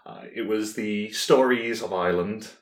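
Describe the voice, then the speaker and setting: Casting: low male game master, hesitant narration, echoey room. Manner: halting narration with many ums.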